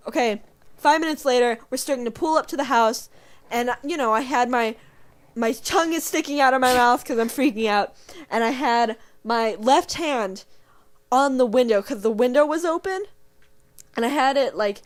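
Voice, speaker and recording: A woman's voice: sits high, normal speed. A young woman hosting a casual podcast, telling stories with laughter and acting out voices. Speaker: podcast host. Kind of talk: casual storytelling chat.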